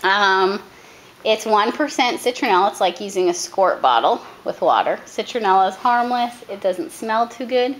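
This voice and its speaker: A woman dog trainer giving a hands-on coaching demonstration outdoors, calm when she explains and brisk when she gives instructions. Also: medium pitch, rough recording. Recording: camera audio with loud background noise.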